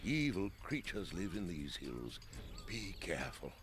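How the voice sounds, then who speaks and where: An actor playing a grave, wise old wizard guide in a game cutscene. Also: male voice, low-pitched, very animated, a little slow, a bit bright, a little hiss or hum, full character voice.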